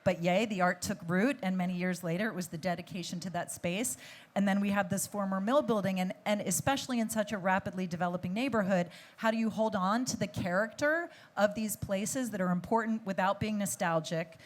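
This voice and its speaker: Woman panelist, arts director, mid-pitch, easygoing and conversational. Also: fairly quick. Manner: conversational, thinks aloud with restarts. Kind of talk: panel discussion.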